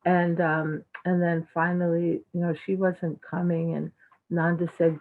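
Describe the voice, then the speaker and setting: A woman speaking in a low-ish voice, retelling a sacred story in an animated, chatty way with plenty of "um" and "like." Her voice comes through a video call with thin, phone-like sound. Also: a little slow. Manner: animated, chatty, many fillers. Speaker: devotional speaker. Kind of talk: storytelling talk. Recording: tinny phone-like call audio.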